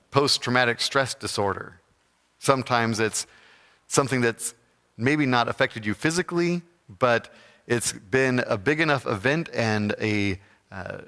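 A man giving a slow, reflective, sermon-like talk with pauses. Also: medium pitch, a bit bright, clean tone, long reverb tail.

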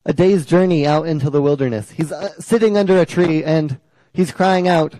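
A man's voice: fairly high pitch, moderate pace, mellow, dry recording, big-room sound, low-quality recording. A young man reading scripture aloud, then preaching by retelling the story in a casual, conversational way.

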